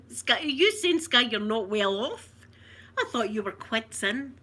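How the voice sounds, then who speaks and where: A woman's voice: fairly high pitch, big pitch swings, slow pace, pushed and bright, slightly rough. A Scottish woman chatting casually to live viewers at home, telling funny stories and laughing often. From Scotland. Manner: chatty storyteller, laughs often, mimics voices. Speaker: ASMR livestream host. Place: home room.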